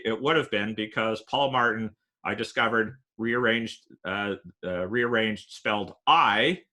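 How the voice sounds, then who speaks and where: Bright-voiced man lecturing on puns. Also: on the low side. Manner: playful, pun-loving explainer with many filler pauses. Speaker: guest lecturer. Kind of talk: lecture on wordplay with slides.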